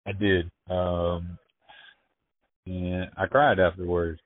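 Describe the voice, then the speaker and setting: A man telling his story in casual, profane slang, halting and restarting often. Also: sits low, level tone, dry recording. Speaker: interviewee. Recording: tinny phone line.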